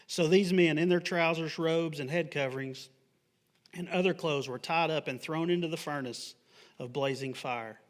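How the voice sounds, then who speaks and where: A man with a somewhat high voice preaches a sermon to a church congregation. He reads scripture aloud and then explains it with emphatic pushes. Now and then he tosses the congregation an offhand, joking question. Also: normal speed. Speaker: pastor. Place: church sanctuary.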